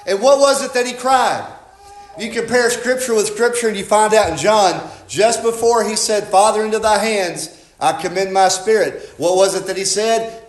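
A man preaching a sermon, impassioned, swinging from loud cries to hushed tones. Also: very high-pitched, roomy sound.

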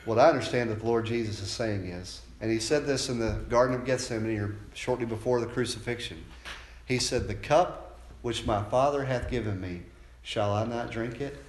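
Man, preacher, sermon, mid pitch, fervent, echoey hall sound. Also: moderate pace, slight background noise. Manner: builds from calm teaching to loud, high-pitched fervor.

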